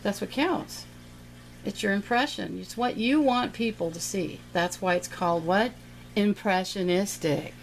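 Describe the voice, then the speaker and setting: Chatty, gravelly woman teaching painting. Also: mid-range voice, moderate pace, slight background noise, poor audio. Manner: chatty, playful, adds sound effects while painting. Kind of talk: casual step-by-step painting lesson.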